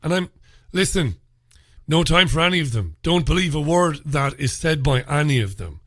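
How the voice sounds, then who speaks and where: A man's voice: fairly high pitch, lively intonation, moderate pace, a bit bright, no echo, clean studio sound. Chatty opinionated Irish male radio host. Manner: chatty, opinionated, informal asides. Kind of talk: solo talk radio monologue. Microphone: studio microphone.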